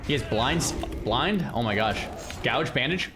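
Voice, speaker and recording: A man's voice: medium pitch, expressive, measured pace, background noise. A man hosting a stream, chatting to viewers in casual reaction commentary, often repeating himself. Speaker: streamer host.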